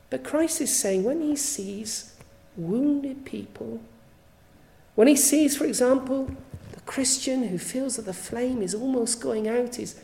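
A woman's voice: high voice, creaky, warm tone, reverberant, rough recording. A woman preaching a sermon in an earnest, pleading way, often putting direct questions to her listeners.

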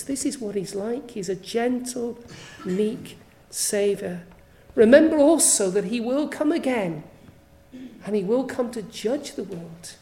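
A woman preaches a sermon with a mellow, fairly high voice. She sounds earnest and pleading and often turns to put direct questions to her listeners. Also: roomy sound, rough recording.

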